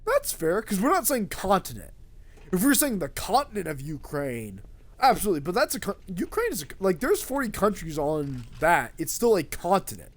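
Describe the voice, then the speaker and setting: A young man streaming a game, rambling and swearing freely in casual chat with a friend. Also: sits high. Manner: rambling, excitable, swears a lot.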